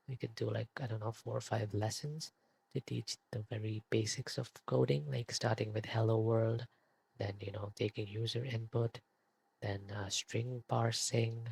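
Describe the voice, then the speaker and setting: A young man streaming late at night, in a whispered role-play hush, quiet and hesitant with many fillers as he signs off. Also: medium pitch, gravelly, slightly rough.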